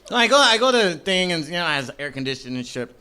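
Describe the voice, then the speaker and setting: A man performing a live stand-up comedy set in a club, loose and profane, rambling with lots of fillers and shouting mock voices of angry people. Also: fairly high pitch, big pitch swings, racing, a little hiss or hum. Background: audience laughter.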